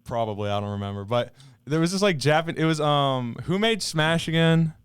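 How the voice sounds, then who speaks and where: Clear-voiced young man rambling. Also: a little high, expressive, a little fast, no room sound, studio quality. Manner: rambling, laughs often, trails off mid-sentence. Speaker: podcast co-host. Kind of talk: casual chat.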